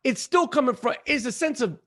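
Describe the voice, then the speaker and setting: A middle-aged man, an actor and comedian, chatting as a podcast guest in a profane, emphatic, animated way. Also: extremely high pitch, fairly quick. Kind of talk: casual podcast chat.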